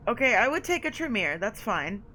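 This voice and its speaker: A woman streamer, giving casual, profane, excitable commentary during a game playthrough. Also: fairly high pitch, brisk, slight background noise, poor audio.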